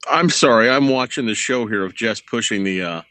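A man's voice: brisk, no echo. A man co-hosting a podcast in casual chat, blunt and profane in his remarks. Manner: blunt, profane, expressive pitch. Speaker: podcast co-host.

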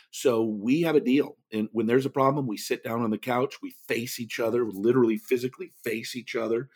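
Earnest middle-aged male author. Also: medium pitch. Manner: earnest, chuckles often mid-sentence. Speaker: author and motivational speaker. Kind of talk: storytelling in a podcast interview.

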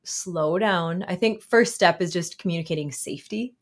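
Brief: woman in her 30s, therapist guest, lowish voice, thoughtful and unhurried, lots of "um"s. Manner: warm, reflective, with frequent fillers and soft laughs. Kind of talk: casual interview conversation.

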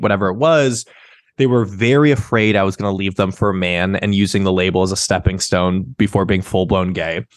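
Candid, animated man in an interview. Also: on the low side, dry recording, clean studio sound. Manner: candid, animated, mimics others in quoted asides. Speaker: guest, sex writer. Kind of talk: casual interview chat.

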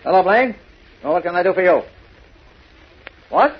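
An actor playing an excitable, blustering older newspaper chief in a 1940s radio drama. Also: male voice, high voice, moderate pace, breathy edge. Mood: flustered. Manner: flustered, exclamatory. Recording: lo-fi old radio broadcast.

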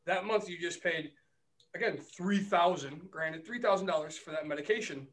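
High-voiced man ranting excitedly. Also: normal speed. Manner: excitable, ranting, swears freely. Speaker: podcast co-host. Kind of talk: casual chat.

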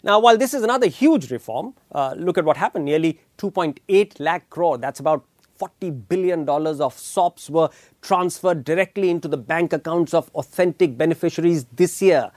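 A middle-aged man with an Indian English accent hosting an opinionated news commentary, emphatic and deliberate, with frequent filler pauses. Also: a little high, darkish tone, no echo, studio quality. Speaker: commentary show host.

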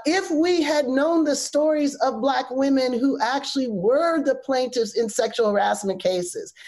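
A woman's voice: fairly high pitch, darkish tone. A woman hosting a conversational interview, reflective and building up rhetorical questions. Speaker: podcast host.

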